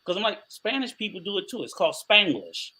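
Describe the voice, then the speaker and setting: An older man co-hosting a podcast in casual chat, telling animated stories, laughing often and acting out other people's voices. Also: sits high, brisk, noisy background. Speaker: podcast co-host.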